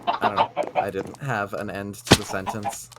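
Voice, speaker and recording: A man's voice: on the low side, little pitch movement, moderate pace, crowd noise. A man streaming a game, chatting in an easygoing way, laughing often and trailing off mid-sentence. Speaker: streamer, co-host. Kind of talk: casual chat while gaming. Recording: loud background noise.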